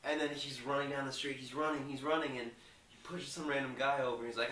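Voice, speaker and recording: A man's voice: mid-range voice, steady tone, quick pace, pushed and bright, roomy sound, distant mic, low-quality recording. A young man loosely retelling a movie plot, rambling with lots of filler words. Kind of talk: rambling casual movie recap.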